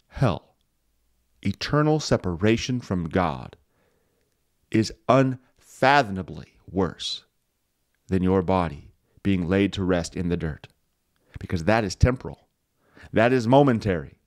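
A man's voice: lowish voice, dry recording, clean studio sound. A man hosting a devotional radio show as a pastor, preaching in an emphatic voice that swells and drops for emphasis. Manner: emphatic, rising and falling with emphasis, occasional chuckles.

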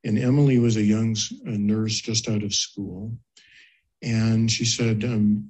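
Husky low-voiced man telling a case. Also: flat delivery, a little slow, darkish tone, poor audio. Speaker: guest therapist. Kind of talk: storytelling a case.

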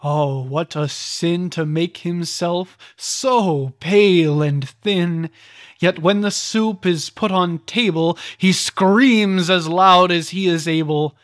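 An audiobook reader narrating old rhyming children's stories with a deliberate, theatrical delivery and voiced characters. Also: medium pitch, no room sound, clean studio sound. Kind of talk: storybook verse narration.

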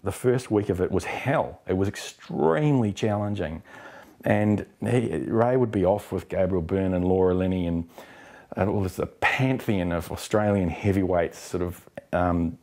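A man's voice: low voice, warm tone. A middle-aged man from New Zealand, an actor answering interview questions candidly and acting out quoted exchanges.

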